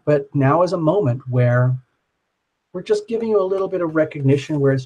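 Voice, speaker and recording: A man's voice: fairly high pitch, brisk, darkish tone, dull audio. A man hosting a live tarot reading, talking in a rambling, dreamy way full of "like" and "you know".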